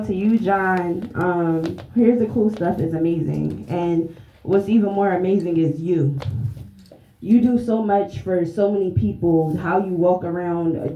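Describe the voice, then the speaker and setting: A woman's voice: lowish voice, warm tone. A woman from the audience giving a heartfelt, rambling tribute, then asking a question, with frequent laughs. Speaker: audience member. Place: event room. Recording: roomy, dull lo-fi sound.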